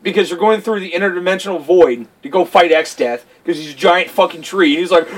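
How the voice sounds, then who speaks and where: His voice sits high and he talks fairly quickly with hardly any pauses, captured on a rough recording. As a podcast co-host in casual chat, he tells animated, swear-filled stories and acts out people's words.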